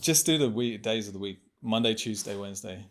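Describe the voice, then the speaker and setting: Male co-host, playful and jokey, relaxed podcast banter. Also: fairly low pitch, brisk. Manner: playful, joking, trying out regional accents. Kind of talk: casual chat.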